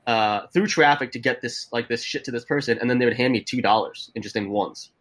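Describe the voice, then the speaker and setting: Young man, podcast co-host, casual chat, animated storytelling, swears freely. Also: mid-range voice, brisk.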